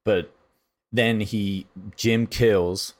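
A man co-hosting a podcast, telling rambling, animated comedy stories in casual chat. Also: on the low side, drawn-out words.

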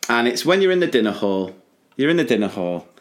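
A British man co-hosting a casual podcast about school life, chatting in a relaxed way with hesitant restarts. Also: medium pitch, quick pace. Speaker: podcast co-host, teacher. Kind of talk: casual chat.

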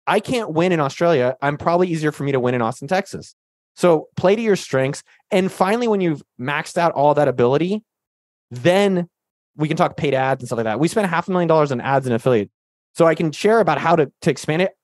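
A man's voice: fairly high pitch, expressive, a little fast, no echo, studio quality. A man hosting a podcast, answering listener questions in a casual, jokey, slangy way. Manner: jokey and slangy, full of banter. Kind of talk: casual, hyped Q&A talk.

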